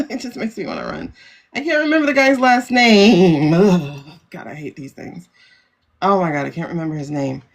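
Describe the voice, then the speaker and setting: A woman's voice: on the low side, animated, moderate pace, vocal fry. A woman hosting a casual livestream, talking in a chatty, rambling way with frequent laughter. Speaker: livestream host.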